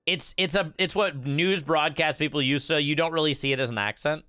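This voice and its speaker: This young streamer from Michigan, USA, chats casually over a card game, stammering and repeating words often. His voice is on the high side, a little fast, bright, forceful and clean, captured in a dry, studio-quality recording.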